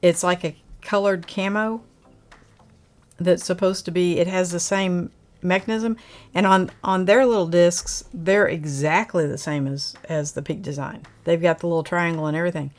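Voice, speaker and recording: A woman's voice: fairly low pitch, steady tone, normal speed. Rambling Oklahoma woman chatting on camera. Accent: Oklahoma twang. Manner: rambling and chatty, answers viewer comments. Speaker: channel host reviewing camera gear. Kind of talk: casual live chat.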